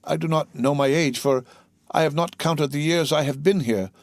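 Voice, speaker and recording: A man's voice: on the high side, normal speed, no echo, voice pushed up, lightly acted. A man voicing a desperate young male prisoner in an audiobook, pleading with earnest passion.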